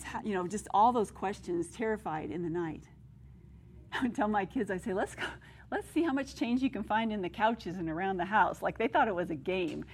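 A middle-aged woman speaking to a women's gathering, telling stories in a chatty, animated way and laughing at her own anecdotes. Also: medium pitch, normal speed, breathy edge. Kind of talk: sermon.

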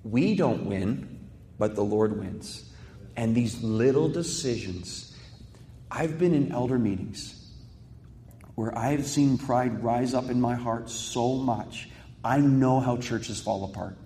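A man preaching a sermon at a mid pitch. He talks like he's chatting with the congregation, mixing rhetorical questions with stories from his own life. His voice rings through a large church sanctuary with a long, lingering echo. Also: slow, dark tone, slight background noise. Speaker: pastor. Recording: echoey hall with long reverb.

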